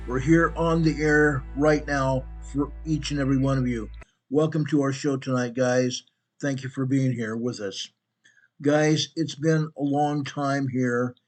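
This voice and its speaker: Hoarse male talk-show host, blunt. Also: mid-range voice. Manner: blunt and opinionated, addresses listeners as "guys". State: hoarse, losing his voice. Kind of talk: casual political talk show.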